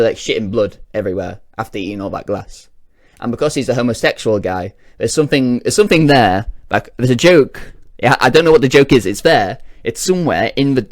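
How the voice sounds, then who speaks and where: A man's voice: medium pitch, no room sound, studio quality. A man telling crude jokes in a rambling, self-interrupting way. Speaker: comedian. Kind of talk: rambling comic joke-telling.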